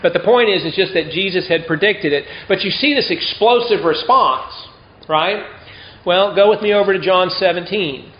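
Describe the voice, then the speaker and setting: A man's voice: high voice, moderate pace. A man preaching a sermon in a conversational way, often throwing rhetorical questions to the listeners. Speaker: pastor. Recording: roomy, dull lo-fi sound.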